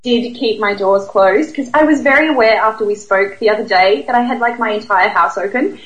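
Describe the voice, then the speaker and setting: A woman's voice: mid-range voice, brisk, a bit bright, highs cut off. A young Australian woman co-hosting a podcast from home, talking in a laid-back, giggly, joking way. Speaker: podcast co-host. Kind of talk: casual chat. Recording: roomy echo.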